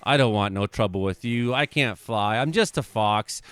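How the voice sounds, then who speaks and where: A nervous, peaceable fox begging an eagle for no trouble, as a man puts it on. The voice drops low and sounds smooth and close to the mic. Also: moderate pace, a bit bright, dry recording, lightly acted. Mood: pleading. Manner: pleading, lowered voice.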